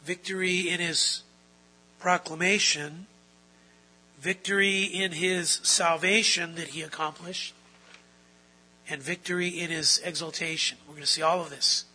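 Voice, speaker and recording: A man's voice: a little high, fairly even intonation, measured pace, long pauses, pushed and bright, low-quality recording. A man preaching a sermon as pastor, emphatic and repeating key phrases for stress.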